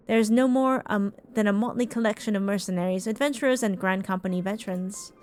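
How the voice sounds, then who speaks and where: A woman voicing a gruff one-eyed male mercenary captain in a rough, pirate-style brogue while reading game dialogue aloud. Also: on the high side, close to an everyday voice.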